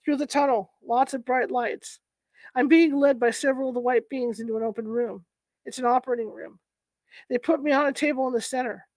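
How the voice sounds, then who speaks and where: A woman reading the part of a frightened man reliving an alien abduction under hypnosis, halting and fearful. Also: high voice, steady tone, a little mellow, no echo.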